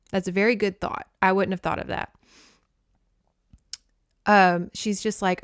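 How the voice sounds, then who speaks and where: A woman's voice: mid-range voice, moderate pace, fairly bright tone, clear, resonant tone, no echo, clean studio sound. A young adult woman hosting a podcast, recapping a book in a candid, opinionated way and swearing freely. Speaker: podcast host.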